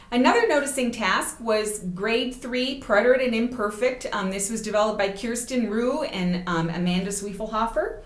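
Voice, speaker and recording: A woman teacher educator giving a recorded lecture, explaining examples step by step and checking in with "okay?". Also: medium pitch. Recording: roomy echo.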